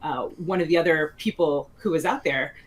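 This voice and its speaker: A woman's voice: low voice, a little fast. A woman in her forties, a guest author in a casual interview, telling stories in a rambling way with many fillers and restarts and frequent laughs.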